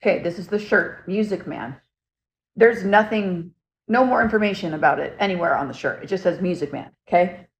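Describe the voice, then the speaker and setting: Excited chatty young woman storyteller. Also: fairly low pitch, a little fast. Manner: excited, chatty, many fillers and "okay?" checks. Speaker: paranormal investigator telling her story. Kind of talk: casual first-person storytelling to camera.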